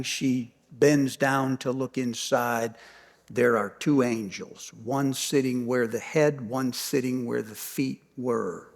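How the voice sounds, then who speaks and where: A male pastor preaching a storytelling sermon, swinging from loud emphasis down to near-whispers and repeating key phrases. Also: medium pitch, creaky, big-room sound. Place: church sanctuary.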